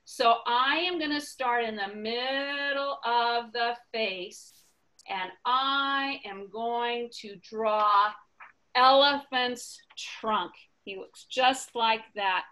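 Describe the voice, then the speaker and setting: Casual: teacher lady walking kids through drawing, slow, bright, lots of praise. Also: a little high, animated. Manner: encouraging, slow and sing-song, praises often. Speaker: educator. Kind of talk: kids' drawing lesson.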